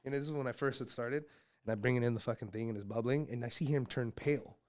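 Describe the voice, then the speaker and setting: A man guesting on a podcast, telling stories in casual chat, heavily profane and animated, often slipping into the voices of people he quotes. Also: mid-range voice, fast.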